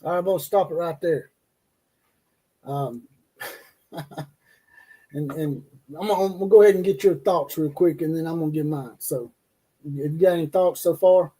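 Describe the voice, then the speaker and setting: A man's voice: a little high, mellow, breathy edge, poor audio. A man with a Southern US accent hosting a sports podcast, indignant and talking in a casual way. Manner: indignant, drawn-out Southern speaker. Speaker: podcast host.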